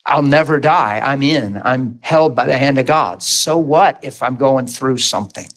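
Man, middle-aged pastor, emphatic sermon, fervent, average pitch. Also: unhurried. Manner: fervent, emphatic, laughs between points. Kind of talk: sermon testimony.

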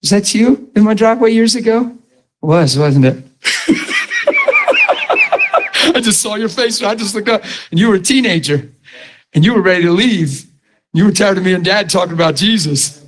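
A man's voice: high voice, normal speed, long pauses, a little hiss or hum. A middle-aged man preaching a sermon, telling stories and acting out the dialogue with animation. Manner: animated storytelling, acts out dialogue.

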